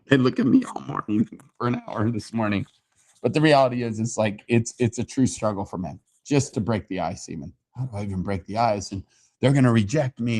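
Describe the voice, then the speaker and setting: A man co-hosting a casual chat as a matchmaker, talking in a playful, teasing and animated way. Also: fairly low pitch. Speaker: matchmaker and co-host.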